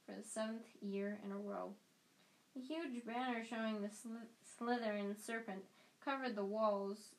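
A woman's voice: mid-range voice, rough recording. A woman reading a novel aloud in an unpolished way, often stumbling and starting a phrase over. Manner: unpolished, frequent restarts. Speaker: audiobook reader.

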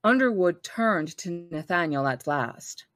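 A woman reading a novel aloud for a book club, steady and now and then correcting herself. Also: fairly low pitch, unhurried, dry recording.

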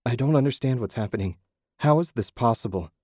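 A man's voice: medium pitch, animated, a little fast, a little mellow, no room sound, natural voice. A man voicing a frightened, grieving young mother who pleads and cries out in a dry, close storybook reading. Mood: bewildered, fearful. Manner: anxious, breaking into desperate cries.

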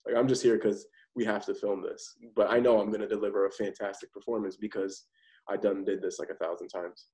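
A man's voice: lowish voice, steady tone, fast, hardly any pauses, a little mellow, rough recording. A man, an actor and podcast guest, talking in a loose, confident, conversational way. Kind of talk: casual interview chat.

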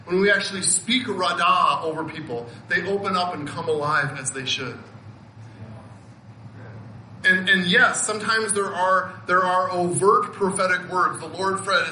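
A man in his fifties delivers a heartfelt sermon, laughing often and repeating words as he presses his point. His voice sits high and very bright. The hall around him rings with echo and a faint hum of ambience. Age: 50s. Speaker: pastor.

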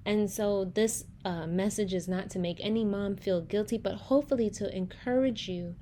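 Woman podcast host, young adult, chatty faith talk, mid-pitched voice, faint hiss behind. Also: moderate pace. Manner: warm, chatty storytelling with preacher-like emphasis.

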